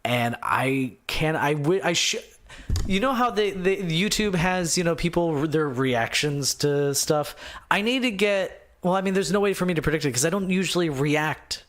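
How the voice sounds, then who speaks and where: A young man hosting a casual solo gaming podcast, rambling and excitable, swinging between low muttering and loud outbursts. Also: moderate pace. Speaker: podcast host.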